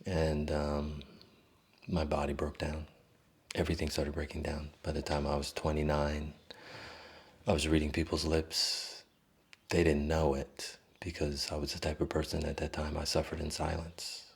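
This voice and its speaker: A man with an extremely deep, husky voice tells his story in an interview. He speaks candidly and reflectively, pausing often between thoughts. His low, rough tone stays calm and unhurried. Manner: candid, reflective, with pauses and fillers.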